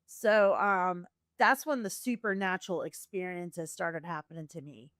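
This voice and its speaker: A woman's voice: fairly low pitch, unhurried, no echo, studio quality. A woman guest on a podcast telling her personal story with feeling, acting out the voices she quotes. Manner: earnest, animated, acts out quoted voices.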